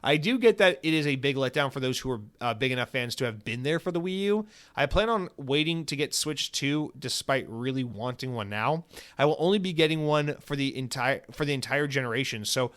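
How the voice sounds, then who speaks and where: A male podcast host talking casually on his own show. He is animated and sarcastic, drops profanity easily and fills his talk with casual fillers. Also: medium pitch, fairly quick. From United States.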